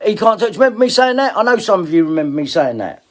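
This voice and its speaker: A man's voice: sits high, sing-song, quick pace. A middle-aged man ranting at people in a confrontational, swearing monologue, repeating himself. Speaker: video blogger.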